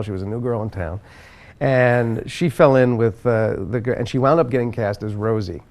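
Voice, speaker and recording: Gravelly man telling a funny story. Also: mid-range voice. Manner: animated storyteller, laughs mid-sentence. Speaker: celebrity game show contestant. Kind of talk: comic anecdote telling.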